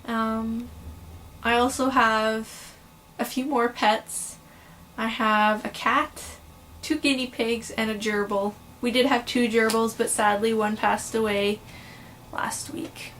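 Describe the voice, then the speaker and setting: A young woman with a slightly high voice talks casually at home, gushing and rambling as she shows off her yarn. She sounds tired and is fighting the hiccups. A faint hum of room noise sits behind her. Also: steady tone, takes it slowly, a bit bright. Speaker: crochet vlogger. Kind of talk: casual show-and-tell vlog.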